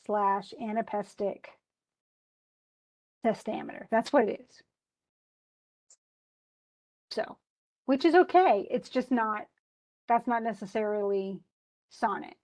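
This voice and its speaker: A middle-aged woman teaching a classroom lesson on poetry meter, chatty and thinking aloud as she corrects herself. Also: a little high.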